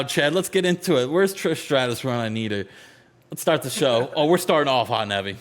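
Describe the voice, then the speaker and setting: A man co-hosting a casual wrestling game commentary chat. He is excitable, laughs often, trails off mid-sentence and sounds out of breath. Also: on the high side, a little fast. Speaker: co-host of a wrestling sim series.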